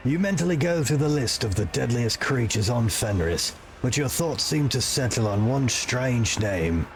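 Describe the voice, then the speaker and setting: A man streaming a video game, chatting casually and reading game text aloud with dramatic pauses. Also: medium pitch, expressive, slight background noise.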